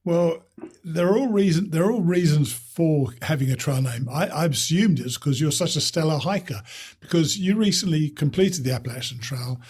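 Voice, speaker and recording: A man hosting a hiking podcast, chatty and quick to laugh as he introduces and interviews a guest. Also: on the high side, darkish tone, slightly rough. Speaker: podcast host.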